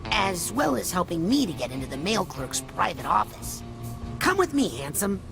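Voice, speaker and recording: Lady doing a curious young psychic boy, lively up and down voice, game music going behind. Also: lowish voice, moderate pace, creaky. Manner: inquisitive, quippy.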